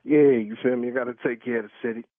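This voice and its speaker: In a phone conversation, a truck driver who is the target of a prank call speaks bluntly in street slang, swearing and repeatedly demanding to know who is calling, worn out from long shifts. His mid-range voice is quick with fairly even intonation, coming through a thin, phone-like line in a dry, close sound with no room sound.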